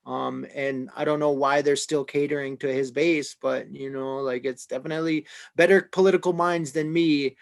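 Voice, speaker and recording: A man's voice: mid-range voice, steady tone, moderate pace, vocal fry, hardly any pauses. A man on a podcast panel, talking through politics casually and hesitantly, with many fillers and restarts.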